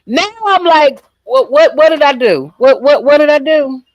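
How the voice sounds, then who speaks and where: A stream host who is exasperated, sighing and slowly steering the panel back on track. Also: high-pitched, expressive, lo-fi sound. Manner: exasperated, drawn-out sighs. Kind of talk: live stream hosting.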